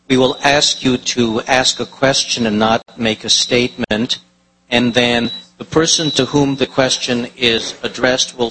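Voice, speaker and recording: A man's voice: mid-range voice, bright, forceful tone, a little hiss or hum, rough recording. A man moderating a debate, explaining the question rules in an orderly, procedural way.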